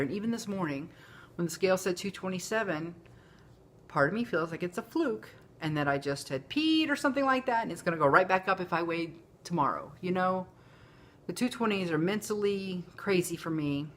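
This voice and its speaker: A woman's voice: on the low side, a little hiss or hum. A woman, talking candidly and emotionally in a rambling personal vlog. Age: 40s. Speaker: vlogger. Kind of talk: casual confessional vlog.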